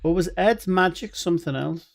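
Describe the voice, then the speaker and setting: A man's voice: high voice, moderate pace, gravelly, slight background noise. Chatty man streaming a game. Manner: chatty, rambling, jokey asides. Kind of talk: live gameplay commentary.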